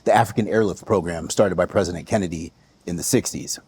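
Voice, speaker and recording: A man in his forties, a podcast guest, telling family stories in a relaxed way with plenty of fillers. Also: low voice, fast, a little hiss or hum. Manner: relaxed, storytelling with many fillers and restarts. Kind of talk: reflective interview storytelling.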